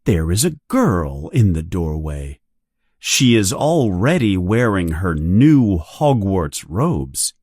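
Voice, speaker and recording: Slow, very lively storybook narrator. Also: no echo, studio quality. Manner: slow, very expressive, raising the pitch for quoted characters. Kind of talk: read-along storybook narration.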